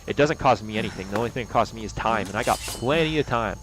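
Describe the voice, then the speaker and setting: A young man in an angry, profane vlog rant, swinging between loud outbursts and low mutters. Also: animated, quick pace, noisy background. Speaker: vlogger. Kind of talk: angry personal rant to camera.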